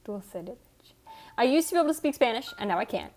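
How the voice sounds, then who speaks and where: A woman's voice: a little high, big pitch swings, fast, a little mellow. Rambly, casual woman streamer. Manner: rambling, self-interrupting and swearing casually. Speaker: livestreamer. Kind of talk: casual chat reading out viewer comments. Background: faint background music.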